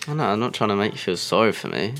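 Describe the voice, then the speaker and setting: Guy with a gravelly low voice, tired and laid back, podcast chat. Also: very animated, very fast, fairly bright tone. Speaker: podcast co-host. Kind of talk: casual chat.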